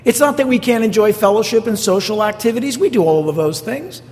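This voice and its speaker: Here a male pastor preaches a little fast, his high voice darkish in tone and lively in intonation. He's emphatic, repeating key phrases and putting rhetorical questions to the congregation, and the church sanctuary adds a long hall reverb.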